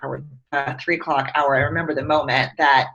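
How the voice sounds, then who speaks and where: A woman's voice: extremely low pitch, brisk, lo-fi sound. A middle-aged woman, a company founder, telling stories earnestly and expressively in a conversational interview. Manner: earnest, expressive storyteller, tearing up.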